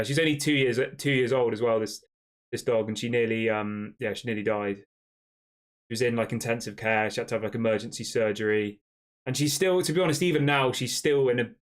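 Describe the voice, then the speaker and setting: A young man casually hosting a football live stream, reading fan chat aloud and answering with lots of fillers and restarts. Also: fairly low pitch. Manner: conversational, reads chat questions aloud, frequent fillers.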